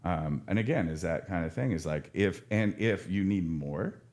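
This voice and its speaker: A man's voice: sits low, normal speed, a little mellow. A man working as an addiction counselor, talking frankly and earnestly in a casual podcast conversation, with many restarts and the odd swear word.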